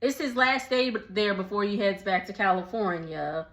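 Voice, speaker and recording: A woman's voice: mid-range voice, normal speed, roomy sound. A woman casually recapping a reality show episode, laughing often and acting out the quotes. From Texas. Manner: laughs often, animated retelling with voiced quotes. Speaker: recap vlogger.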